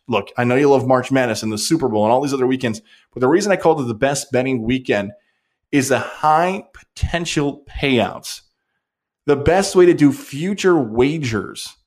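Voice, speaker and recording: A man hosting a sports talk show, giving an opinionated, animated monologue. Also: medium pitch. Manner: opinionated, animated, rapid swings. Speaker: sports radio host.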